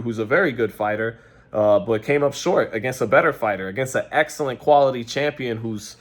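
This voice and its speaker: Rambling New boxing commentator. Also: male voice, medium pitch, a bit bright. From New York. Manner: rambling, self-correcting. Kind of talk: casual fight-reaction commentary.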